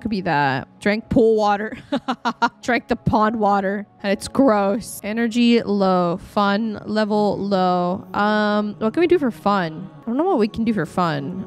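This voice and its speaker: A woman's voice: mid-range voice, a little mellow. A young woman casually commentating her live stream of a life-simulation game, chatty and scattered, talking to herself with lots of fillers.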